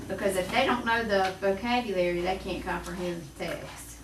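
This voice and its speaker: A woman's voice: mid-range voice, moderate pace, hardly any pauses, background noise. A woman teacher, explaining reading skills to parents in a matter-of-fact way. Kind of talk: presentation to parents. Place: school classroom. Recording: echoey, distant classroom recording.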